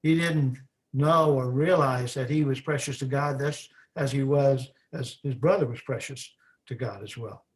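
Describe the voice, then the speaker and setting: Man preaching slowly with dramatic pauses. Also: mid-range voice, low-quality recording. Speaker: minister. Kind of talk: sermon.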